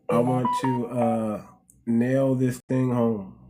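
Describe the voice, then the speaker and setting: A man's voice: medium pitch, level tone, measured pace, music in the background. A middle-aged American man hosting a casual livestream, talking animatedly to his audience, repeating himself and calling them family. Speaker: host.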